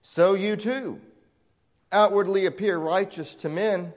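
A Southern American man preaches from the pulpit in a high voice, taking his time over each phrase. He is emphatic and sometimes voices imagined objectors. His words ring out with the long reverb of a church sanctuary. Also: slow pace. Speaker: pastor. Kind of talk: sermon.

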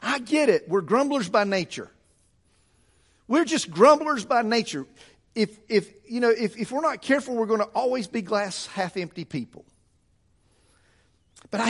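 A high-pitched man preaches in a church. He hammers his points home through repetition, and his voice rises and swells as the sermon builds. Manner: fervent, repetitive preaching with rising emphasis. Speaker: pastor. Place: church sanctuary.

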